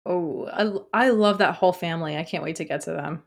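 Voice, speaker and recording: A woman co-hosting a podcast in casual chat. She talks in a quick, bubbly way and laughs often. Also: fairly low pitch, vocal fry. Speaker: podcast co-host.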